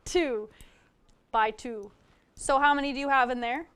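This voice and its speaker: A woman's voice: sits high, unhurried, fairly bright tone, clean tone. A woman teaching math on a live call-in TV show, patiently counting things out step by step. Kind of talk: live TV lesson. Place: TV studio.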